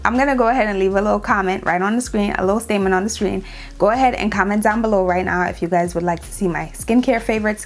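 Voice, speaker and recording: Chatty New York woman vlogging. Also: mid-range voice. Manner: chatty, sassy, repeats lines for emphasis. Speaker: beauty YouTuber. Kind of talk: casual Q&A vlog.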